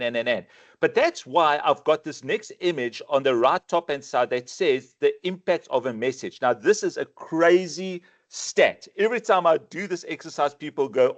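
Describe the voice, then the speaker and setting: A man with a South African accent presenting a sales training webinar, animated and given to repeating his words as he starts a thought. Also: mid-range voice.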